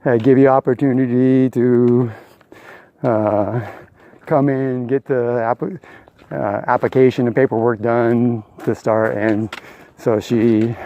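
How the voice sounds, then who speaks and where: An older man with a mid-range voice vlogs his thru-hike outdoors on a mountain trail. He tells a long, casual, rambling story packed with "uh" fillers, and the recording has its highs cut off.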